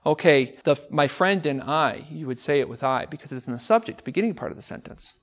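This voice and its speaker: A man teaching a class of speech students, talking with energy and throwing questions out to the room. His voice sits a little higher than most men's. He repeats key words to drive a point home. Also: lively intonation, quick pace. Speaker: English teacher and speech coach. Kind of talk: classroom lecture.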